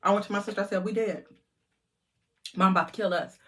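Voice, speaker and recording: A middle-aged woman vlogger telling a lively story to her viewers, chatty and animated. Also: medium pitch, quick pace.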